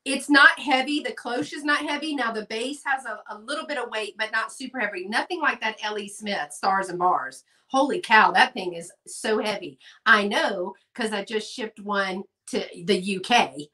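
A woman's voice: mid-range voice, moderate pace, hardly any pauses, bright, forceful tone, far from the mic. A chatty woman hosting a live sale stream, reading out bids and saying y'all. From Texas. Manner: chatty, says y'all, reads bids aloud. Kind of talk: live selling stream, casual chat.

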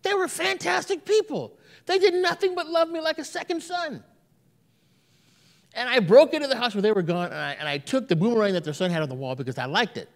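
Man, pastor, sermon in church; high, animated voice, storytelling delivery full of restarts. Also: brisk, vocal fry, big-room sound. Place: church sanctuary.

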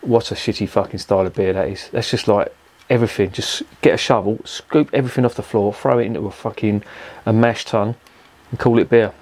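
A man with a slightly low voice. He swears constantly and rambles, talking in an exasperated ranting way. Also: fairly even intonation, fairly quick, darkish tone. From England. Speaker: beer reviewer. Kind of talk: casual profane rant.

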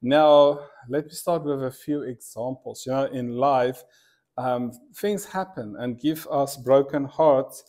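A man's voice: mid-range voice, slow, a little mellow. A male pastor giving a sermon in a casual, storytelling way, with many fillers and asides. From from abroad, not from Korea.

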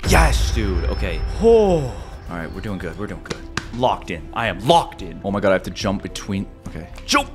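A young man commentating his own platformer run, excitable, repeating himself and yelping and gasping at near misses. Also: sits low, fairly quick, music in the background. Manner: excitable, repeats phrases, yelps and gasps. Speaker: gaming YouTuber. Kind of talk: let's-play commentary.

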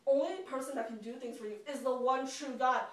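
Calm kind missionary man, played by a woman, gentle and steady, distant echoey. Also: high voice, brisk, natural voice. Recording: echoey room from far off.

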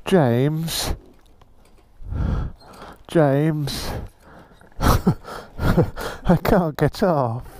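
Weary, sweary biker, slow talk. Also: male voice, fairly high pitch, a little mellow, no room sound. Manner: sweary, joking, worn out. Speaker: motorcycle vlogger. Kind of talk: casual vlog chat. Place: outdoors on a motorcycle tour.

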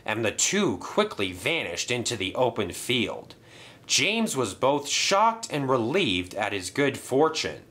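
A man narrating a children's train story in a lively storybook style. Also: mid-range voice, takes it slowly.

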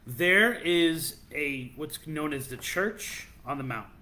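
A man's voice: on the high side, slow pace. A man hosting a podcast, telling legends in casual, playful chat. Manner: animated storyteller, playful and teasing. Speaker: podcast host.

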